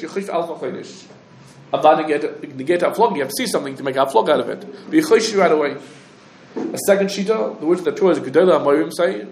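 A man teaching a halachic lecture, talking quickly with restarts and lots of Hebrew and Yiddish terms. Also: high-pitched, roomy sound, slight background noise. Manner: rapid, halting, many restarts, heavy Hebrew terms. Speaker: Torah teacher.

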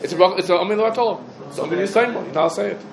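A man's voice: sits high, racing, a crowd in the background, poor audio. A man teaching an informal halacha class, posing rhetorical questions and answering them, his talk dense with Hebrew terms. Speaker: Torah teacher.

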